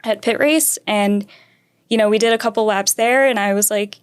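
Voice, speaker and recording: A woman's voice: medium pitch, level tone, normal speed, smooth. A young woman, a karting racer, telling a long story from her racing start in a casual interview, acting out quotes and laughing often. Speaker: karting racer, podcast guest.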